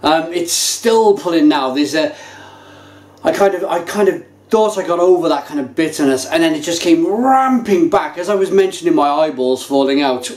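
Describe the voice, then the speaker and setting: A man reviewing craft beer to camera, talking casually with animated enthusiasm. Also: a little high, normal speed. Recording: echoey room.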